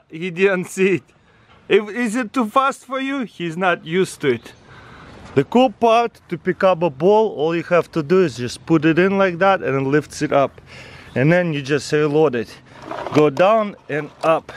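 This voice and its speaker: A man with a Russian accent, vlogging as he tests a dog toy outdoors and calls excitedly to his dog in a sing-song voice. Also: high-pitched, unhurried, a little hiss or hum. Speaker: vlogger testing a pet toy. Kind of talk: casual vlog. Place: outdoors with dogs.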